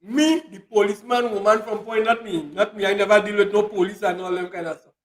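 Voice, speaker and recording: High-voiced man lecturing in an echoey room. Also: fairly even intonation, brisk. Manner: preachy, repeats phrases for emphasis. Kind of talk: casual chat.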